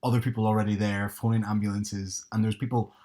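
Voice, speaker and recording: A man's voice: fairly low pitch, level tone, fast talker, dark tone. A man co-hosting a podcast, telling stories with hesitant ums and restarts. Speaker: podcast co-host. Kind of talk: casual chat.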